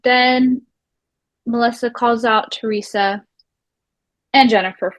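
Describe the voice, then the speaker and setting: A young woman co-hosting a casual TV recap, animated and swearing casually as she retells the drama. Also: fairly high pitch, slow, no echo, rough recording. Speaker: recap show co-host.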